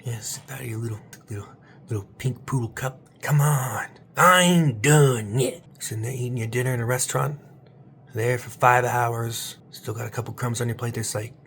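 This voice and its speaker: A man hosting a late-night comedic monologue. He rambles in a mock-motivational, absurd way and swings between hushed whispers and loud, drawn-out exclamations. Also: mid-range voice, level tone, creaky, slight background noise. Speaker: channel host.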